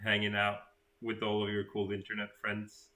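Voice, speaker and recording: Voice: low-pitched, monotone, moderate pace, bright, forceful tone. A guest from Sweden chatting casually on a live stream, telling stories with dry jokes.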